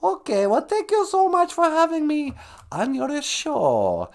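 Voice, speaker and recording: Brief: polite, gushing woman guest with a high lilting voice, as a man puts her on. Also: wildly swooping pitch, measured pace, creaky, full character voice. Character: polite eager woman guest learning a language.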